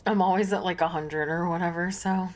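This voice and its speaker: A woman's voice: on the low side, steady tone, a little fast. A young woman streamer making casual, joking asides over a game.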